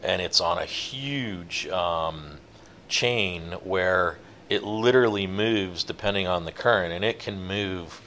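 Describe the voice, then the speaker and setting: A man telling a long fishing-boat story in a relaxed, rambling interview, with many fillers. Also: low voice, takes it slowly, slight background noise. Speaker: guest, offshore fishing boat captain.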